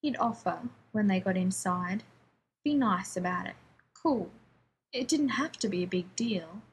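A woman reading a story aloud, calm and even, taking her time over every sentence. A faint low rumble sits under her voice. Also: a little slow, poor audio. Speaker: narrator. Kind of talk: reading fan fiction aloud.

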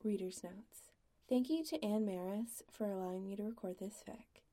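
A woman reading a story aloud in a soft, quiet, intimate way. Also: medium pitch, moderate pace. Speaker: podfic reader. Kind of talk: scripted narration of fan fiction.

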